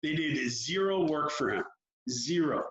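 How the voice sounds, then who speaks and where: A man who coaches young hockey players, talking frankly and telling stories in an animated way during an interview. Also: fairly high pitch, unhurried, a little hiss or hum. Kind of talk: candid interview talk. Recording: roomy, dull lo-fi sound.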